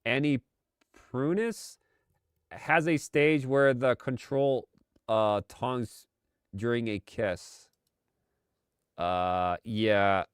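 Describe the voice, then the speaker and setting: A man's voice: medium pitch, extremely slow, pauses often, smooth, no room sound, clean studio sound. A man hosting a live commentary stream, talking in a sarcastic, exasperated way. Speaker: streamer host.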